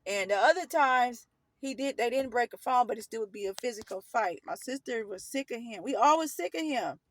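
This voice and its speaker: Brisk and lively in intonation, this fairly high-pitched woman is a storytelling vlogger. She recounts something painful from her life in a casual, rambling way, earnestly stopping to correct herself.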